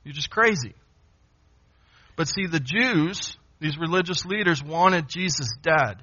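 Emphatic preacher man, bright lo-fi sound. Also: on the high side, a little slow. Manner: emphatic, repeats phrases and asks rhetorical questions. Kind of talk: expository sermon. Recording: dull lo-fi sound.

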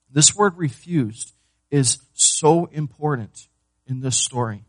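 Man preaching with swings in loudness. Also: no echo. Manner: preaching with swings from loud emphasis to hushed low delivery; asks the congregation questions and answers them himself. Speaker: pastor. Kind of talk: sermon.

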